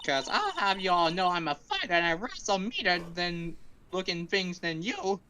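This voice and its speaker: A woman voicing a brash young Southern woman photographer, pushing a Southern drawl with a loud, pushy manner. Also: on the low side, sing-song, background noise. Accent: attempted Southern drawl. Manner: loud, pushy, quick to bristle.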